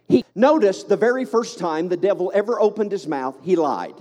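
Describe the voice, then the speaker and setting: A Southern American pastor preaches into a microphone with a notably high-pitched voice, fervent and punchy, tossing joking asides to his congregation. His words ring through a church sanctuary with a long, trailing reverb. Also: expressive, moderate pace, hardly any pauses, darkish tone. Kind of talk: sermon.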